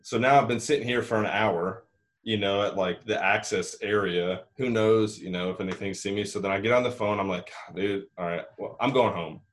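Young male storyteller, lowish voice, rambling casual delivery. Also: steady tone, fairly quick. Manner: rambling, frequent "like" and "you know", swearing. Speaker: hunter telling a story.

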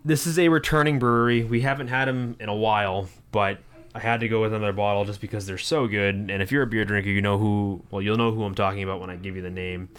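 A man with a low, smooth, resonant voice chats casually on a podcast. He rambles with enthusiasm, filling the gaps with "like" and "you know.". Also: fairly even intonation, quick pace, fairly bright tone. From Florida. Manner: rambling, enthusiastic, many fillers. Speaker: podcast co-host. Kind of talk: casual chat.

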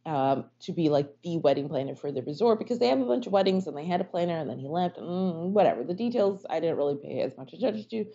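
Low husky woman rambling about books. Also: animated, quick pace, few pauses, mellow. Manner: rambling, heavy use of "like" fillers. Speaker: book reviewer. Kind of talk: casual book review monologue. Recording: slightly muffled lo-fi recording.

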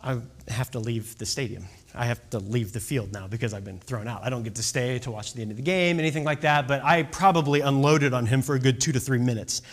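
This youth baseball coach tells an animated, conversational story with a lesson, pausing often to check in with his listeners. His voice sits at medium pitch, and he talks briskly with few pauses.

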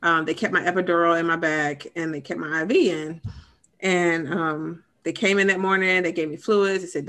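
A woman in her thirties tells a personal story on a podcast. Her voice is bright and forward, and she talks in a loose, candid way with plenty of fillers. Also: on the low side, steady tone, fairly quick. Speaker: podcast co-host. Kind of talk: casual chat, personal story.

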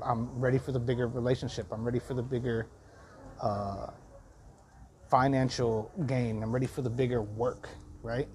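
Raspy-voiced man musing aloud. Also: medium pitch, darkish tone, a little hiss or hum. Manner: self-searching, halting with many restarts. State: raspy from dehydration. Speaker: vlogger. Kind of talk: reflective personal vlog.

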